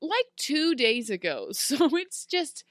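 A woman in casual chat recapping a TV show, animated and laughing often, acting out characters in quick mock voices. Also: high-pitched, dry recording, clean studio sound. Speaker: podcast co-host.

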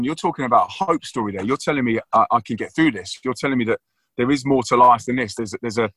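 A man's voice: medium pitch, fairly bright tone, breathy edge, no echo. A man, a guest speaker on a video call, telling stories with earnest, preaching enthusiasm. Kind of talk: animated storytelling on a video call.

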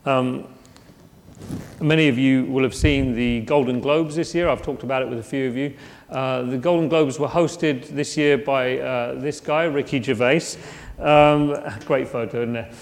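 A man's voice: medium pitch, steady tone, unhurried. A man preaching a sermon in a conversational way, with rhetorical questions and frequent restarts. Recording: long hall reverb.

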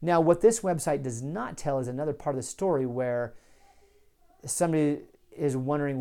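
A man's voice: on the high side, normal speed. A man hosting a solo history podcast, telling clan stories in a chatty, digressive way and often stopping to correct himself. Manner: tells old stories in a relaxed storytelling way. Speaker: podcast host.

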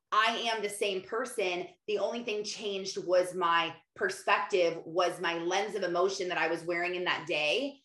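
A woman with a lowish, bright and forceful voice tells a personal story in an earnest, animated way. She leans on filler words as she talks. The room around her rings with echo.

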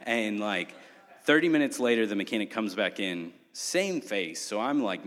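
A young man telling a humorous, animated story in a sermon. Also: on the low side, normal speed. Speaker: preacher. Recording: long hall reverb.

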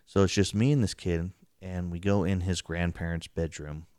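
A man casually telling an excited story about a paranormal investigation, acting out what was said. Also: moderate pace, no echo, studio quality. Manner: excitable, acts out quotes, rising pitch when telling.

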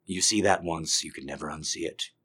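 A man giving an intense confessional monologue, swinging between hushed and loud. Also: rumbling low, fairly quick, slightly rough.

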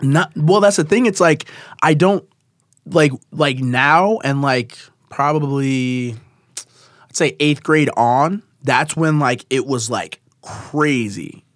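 A man's voice: a little high, slow, dry recording, clean studio sound. A man chatting casually, rambling with many fillers and restarts. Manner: rambling, lots of fillers and laughs. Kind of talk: casual podcast chat.

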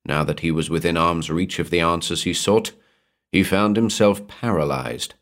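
A man reading a horror story aloud in a measured, atmospheric storytelling manner. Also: deep voice, fairly bright tone. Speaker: narrator. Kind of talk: scripted horror narration.

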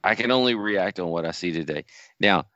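A man's voice: low voice, animated, a little fast, pushed and bright, no echo, lo-fi sound. A man co-hosting a casual podcast, wry and joking with strong opinions. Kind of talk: casual chat.

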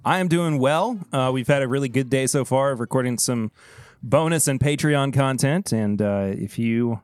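An upbeat man co-hosts a casual talk podcast, his voice sitting in a mid register. He pitches the show in a chatty way. The recording is dry and close, with no room sound. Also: normal speed, a little mellow, clean tone, no echo. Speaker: podcast co-host. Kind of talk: casual chat.

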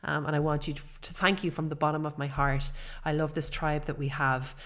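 A woman's voice: deep voice, level tone, brisk. A woman, hosting a personal podcast in an earnest, chatty way with fillers. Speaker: podcast host.

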